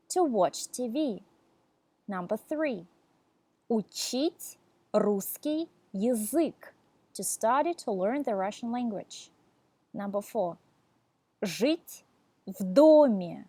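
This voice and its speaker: Woman teacher, very slow deliberate delivery, animated higher voice, dry close sound. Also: dry recording. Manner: deliberate, enunciating each word for learners. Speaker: language teacher. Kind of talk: slow scripted language lesson.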